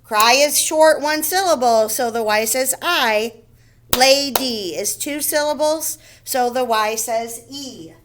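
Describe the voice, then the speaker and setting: A woman teaching young children to read, speaking at a slow, deliberate pace. Her voice sits fairly high, and she repeats each word and sounds out its syllables with care. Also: a bit bright, a little hiss or hum, poor audio. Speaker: first grade teacher. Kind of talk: phonics lesson for young children.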